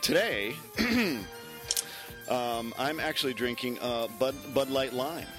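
A man's voice: medium pitch, animated, takes it slowly, over music. A man hosting a casual podcast chat, joking and rambling as he talks. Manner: jokey, rambling, laughs often. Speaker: podcast host.

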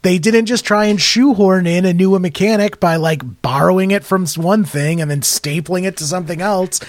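A man's voice: high voice, normal speed, dry recording, studio quality. A man on a podcast as guest, chatting casually and explaining card rules in detail, laughing easily. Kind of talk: casual chat.

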